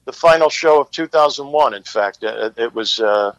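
A man's voice: mid-range voice, moderate pace, fairly bright tone, no echo, poor audio. A man, a guest comedian, chatting in an easygoing way on a podcast. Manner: easygoing, brief affirmations. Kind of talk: casual chat.

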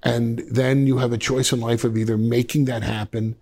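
A man in his fifties from Westchester, New York, telling stories as a podcast guest in an animated way, with many restarts. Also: medium pitch, moderate pace. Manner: animated, many restarts, slips into quoted voices. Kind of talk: reflective storytelling in a podcast interview.

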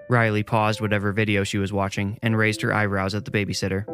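A man reading a scripted horror story in a measured, deliberate way. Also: on the low side, flat delivery, a bit bright, soft background music. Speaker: narrator.

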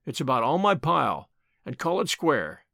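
A man voicing a humble, earnest gold-miner, talking in a slow rustic backwoods drawl. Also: medium pitch, big pitch swings, creaky, bright, forceful tone, no echo, studio quality, heavily acted.

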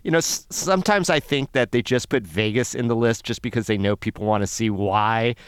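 A man co-hosting a casual talk show, wry and joking with animated asides. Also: medium pitch, brisk, clear, resonant tone, dry recording, clean studio sound. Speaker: podcast co-host. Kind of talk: casual chat.

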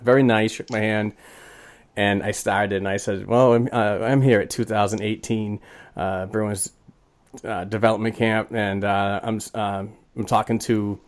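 A man with a slightly low voice hosts a sports podcast in easygoing conversation. He tells stories animatedly and leans on frequent verbal fillers. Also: steady tone, moderate pace. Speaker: podcast host. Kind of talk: casual chat.

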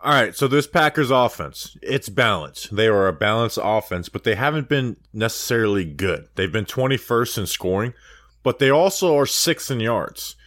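Deep-voiced man hosting a sports podcast. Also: moderate pace, no room sound, clean studio sound. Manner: chatty, excitable fan talk. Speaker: podcast host. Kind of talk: casual sports podcast chat.

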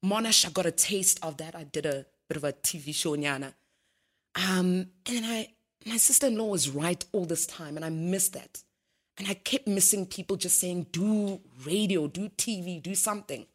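Young woman, low-ish voice, lively storyteller in an interview, acts out the dialogue and laughs a lot. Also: normal speed. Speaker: interview guest.

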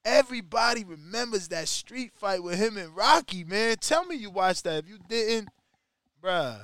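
A man hosting a casual podcast, talking with animated, slang-heavy, profane energy. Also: high-pitched, normal speed, no room sound, studio quality. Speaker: podcast host.

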